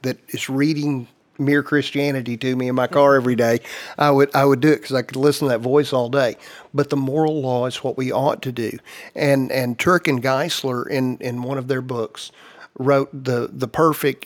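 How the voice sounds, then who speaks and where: A man hosting a casual discussion, explaining ideas earnestly and at length. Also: mid-range voice.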